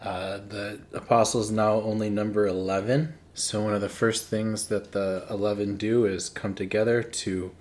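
A man, a priest co-hosting a casual chat, with dry deadpan humor. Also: lowish voice, moderate pace, hardly any pauses. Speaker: priest and co-host. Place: indoors at a table after a meal.

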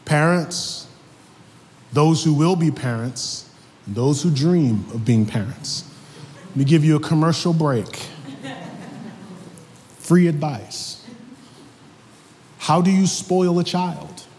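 Young male pastor, high voice, comic sermon, echoey sanctuary. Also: takes it slowly, pauses often, a little hiss or hum. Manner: comic storytelling, lively and animated. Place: church sanctuary. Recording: echoey hall.

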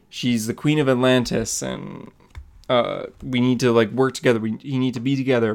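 A young man co-hosting a casual comic book podcast, recapping a story with quick acted-out quotes. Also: mid-range voice, gravelly. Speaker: podcast co-host.

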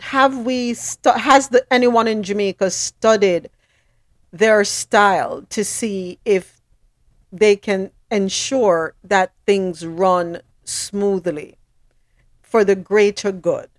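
A woman co-hosting a podcast, asking measured questions in a casual discussion. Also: mid-range voice, fairly even intonation, no room sound. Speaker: podcast co-host.

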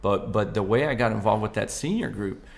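Gravelly-voiced playful man telling stories. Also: on the low side, a little fast. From Southern California. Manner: playful, jokey storyteller who slips into silly old-man voices. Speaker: podcast guest, ukulele performer. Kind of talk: casual chat.

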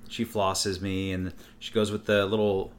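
A man's voice: deep voice, level tone, measured pace. Podcast host guy, chill chat, keeps asking questions. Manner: prompting, interviewer-like questioning. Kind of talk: casual chat.

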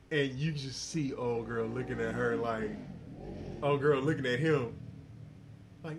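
A man's voice: mid-range voice, slow pace, long pauses, a little hiss or hum. A man on a podcast telling a crude, profane story in casual talk, laughing often. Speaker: podcast host.

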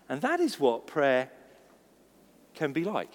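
A man preaches a sermon with real animation, slipping into little voices as he tells his stories. His voice sits a touch high and swings widely in pitch. The sound carries the long reverb of a church hall. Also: huge pitch swings, slow pace.

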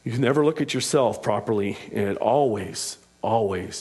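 A man preaching a sermon as pastor, with passionate delivery that rises to loud, emphatic peaks. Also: lowish voice, normal speed, few pauses, slightly rough.

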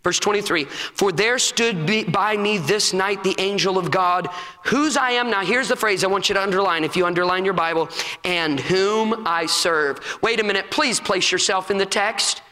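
A man's voice: high-pitched, normal speed. A man preaching a sermon as pastor, telling a story and building into fervent, rising exhortation. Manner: impassioned preaching, rising to shouts. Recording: long hall reverb.

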